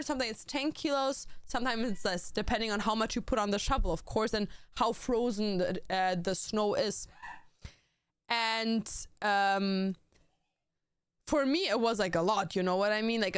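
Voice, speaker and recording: A young woman tells a story to her stream chat in a loose, chatty way, peppering it with "like" and the odd swear word. Her voice sounds smooth and clean, with a middling pitch. The sound is dry and close, with no room around it. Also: no echo. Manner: animated, heavy use of "like", swears casually.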